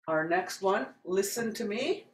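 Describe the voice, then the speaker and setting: Slow, patient language teacher in an echoey room. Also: medium pitch, lively intonation. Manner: repeats each word slowly and deliberately, patient explaining. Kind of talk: slow spoken language lesson.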